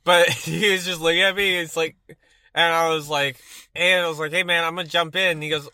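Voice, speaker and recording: Laughing, bright-voiced young man. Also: on the high side, a little fast, no echo, clean studio sound. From Texas. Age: 20s. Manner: laughing, animated storyteller who acts out voices. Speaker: podcast co-host. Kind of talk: casual storytelling chat. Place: in a car.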